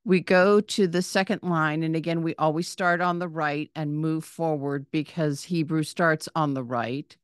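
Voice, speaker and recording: A woman's voice: sits low, steady tone, unhurried, few pauses, smooth, dry recording, studio quality. A woman giving a patient reading lesson, saying each word, spelling out its letters and vowel sounds, then repeating it. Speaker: Hebrew reading teacher.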